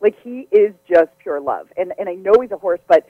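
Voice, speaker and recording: A woman's voice: lowish voice, animated, brisk, no room sound. Casting: chatty woman psychic medium on a radio call-in, effusive and giggly, close dry studio mic, slightly muffled broadcast sound. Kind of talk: casual live radio readings.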